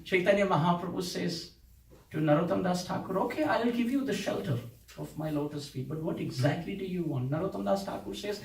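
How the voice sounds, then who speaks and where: A man's voice: fairly high pitch, a little fast, creaky, darkish tone. A man giving a devotional lecture, telling a saints' story with dramatic, emotional dialogue. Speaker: spiritual teacher. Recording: echoey room, voice from a distance.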